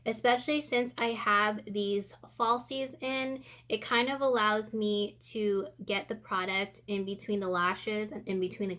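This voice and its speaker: A woman walks through her makeup routine in an unhurried, easygoing way, her voice at a middle pitch. She chats and thinks aloud as she works, sounding a little out of breath. The talk is casual and relaxed, like a home tutorial. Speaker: beauty vlogger. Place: indoor room with sunlight coming in.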